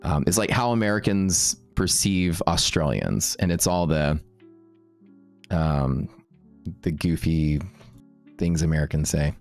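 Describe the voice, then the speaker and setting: A man's voice: a bass voice, expressive, faint music behind. A man teaching trading live on stream, casual and upbeat, chatting with viewers between explanations. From Texas. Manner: casual and upbeat, full of fillers and quick asides to chat.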